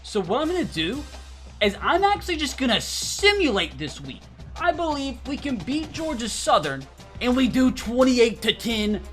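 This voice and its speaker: A young man hosting a gaming channel, giving excited gameplay commentary to his viewers, swinging between loud outbursts and frustrated muttering. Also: very high voice, moderate pace, soft background music. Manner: talks to viewers as "fellas".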